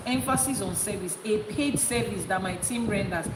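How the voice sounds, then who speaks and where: A Nigerian-accented woman delivers a spiritual lesson, leaning hard on her points and repeating them to drive them home. Her voice carries a long roomy reverb, as if spoken in a large hall. A clear layer of background noise sits under her. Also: medium pitch, brisk, hardly any pauses, recorded from a distance. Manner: emphatic, repeats key points for stress. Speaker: Ifa priestess and teacher. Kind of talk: spiritual teaching talk.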